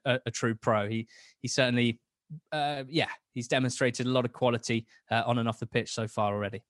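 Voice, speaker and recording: A man's voice: medium pitch, fairly bright tone, dry recording, studio quality. A young man talking as a football podcast guest, chatty and enthusiastic, often restarting his sentences. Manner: enthusiastic, rambling, many restarts. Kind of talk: casual chat.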